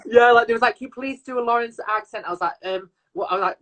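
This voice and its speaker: A man in casual live chat, laughing often and telling animated stories about a shared memory. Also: extremely high pitch, very fast. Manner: giggly, animated storyteller.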